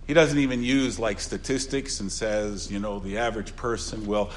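An older man, a pastor, preaching an earnest funeral sermon, repeating phrases and swinging between soft asides and louder emphasis. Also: on the low side, steady tone, measured pace.

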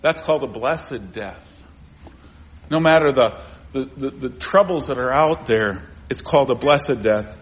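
A male pastor preaching a sermon, pressing rhetorical questions and swinging between urgent, raised lines and low, quiet ones. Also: animated, a little slow.

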